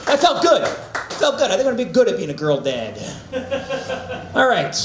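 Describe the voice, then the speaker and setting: A man hosting an open mic in a small bar, brash and profane, shouting between jokes on a handheld mic. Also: sits high, huge pitch swings, normal speed, pauses often, music in the background. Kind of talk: stand-up hosting. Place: small comedy bar stage. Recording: echoey bar room.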